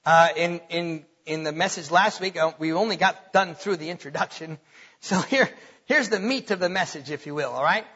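A man preaching a sermon in a church on a stage microphone, animated and joking, asking the congregation questions. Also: a little high, moderate pace, slightly rough, muffled recording. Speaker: pastor.

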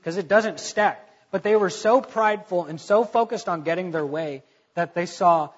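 A man preaches in a relaxed, storytelling way, dropping casual fillers and leaning hard on his main points. His voice sits a little high and sounds husky. The recording is dull and lo-fi. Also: unhurried, long reverb tail. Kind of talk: conversational sermon.

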